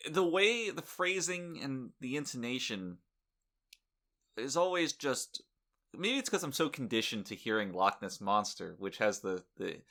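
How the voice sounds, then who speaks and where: Deadpan joking man with bright voice. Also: mid-range voice, a little slow. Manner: deadpan joking, playful bits. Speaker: podcast co-host. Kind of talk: casual comedic chat.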